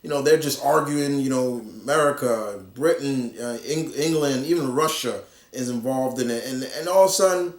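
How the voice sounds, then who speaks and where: A man's voice: mid-range voice, normal speed. Rambling man reviewing comics. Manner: rambling, many fillers and restarts. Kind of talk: casual spoken review. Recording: roomy echo.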